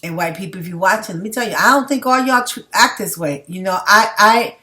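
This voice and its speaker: A woman's voice: mid-range voice, a little fast, pushed and bright. An outspoken woman giving casual, emphatic commentary as she reads out viewer comments, laughing between points. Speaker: livestream commentator.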